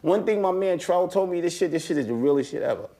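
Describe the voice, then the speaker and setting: A man, an interview guest, talking in casual conversation, animated and slangy, his voice jumping high when he gets excited. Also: fast talker. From United States.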